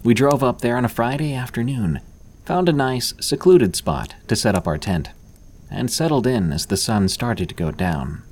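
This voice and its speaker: A man narrating scripted horror stories in a measured, even storytelling manner. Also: mid-range voice.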